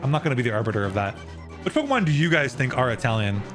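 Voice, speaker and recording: A man's voice: medium pitch, very animated, racing, music in the background. A young man streaming live, casually explaining a topic and answering his viewers' chat.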